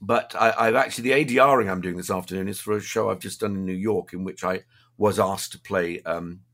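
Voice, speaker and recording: An older English man from Birmingham, an actor, telling relaxed anecdotes in a casual interview. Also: deep voice, brisk. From England, Birmingham. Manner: relaxed anecdotal storyteller, self-deprecating. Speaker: actor guest. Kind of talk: casual interview chat, storytelling.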